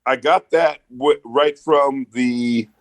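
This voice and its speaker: A man chats as a podcast guest, swinging into big booming hype-man bursts as he tells his stories. His voice sits in an ordinary middle pitch. The sound is close and dry, with no room around it. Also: slow, dry recording, poor audio. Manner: animated storyteller, booming hype-man outbursts. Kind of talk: casual podcast chat. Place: podcast studio.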